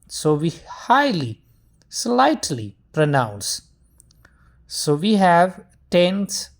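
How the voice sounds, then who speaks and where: Male English pronunciation teacher, very slow delivery, repetitive, keeps checking "got it?". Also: on the high side. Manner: addresses viewers as "my dear students". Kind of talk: phonetics lesson.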